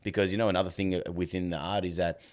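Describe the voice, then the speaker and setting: Deep-voiced man telling animated stories. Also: quick pace. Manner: animated storyteller, acts out quoted dialogue. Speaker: podcast guest, dog trainer. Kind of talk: casual conversation.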